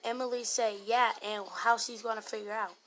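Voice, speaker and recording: A woman telling a casual story about an online game in a rambling way, getting louder when she quotes other people. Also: fairly high pitch, steady tone, moderate pace, a little hiss or hum. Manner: rambling retelling with raised voice when quoting others.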